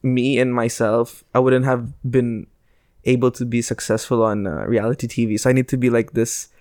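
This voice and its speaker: A man's voice: mid-range voice, flat delivery, moderate pace, a little mellow, dry recording, clean studio sound. Rambling man in casual chat. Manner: rambling, self-deprecating, joking.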